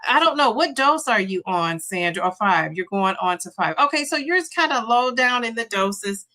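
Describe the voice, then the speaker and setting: Upbeat woman livestream host, bright voice. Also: fairly high pitch, animated, moderate pace. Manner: chatty and encouraging, cheers viewers on. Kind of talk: casual livestream chat reading viewer comments.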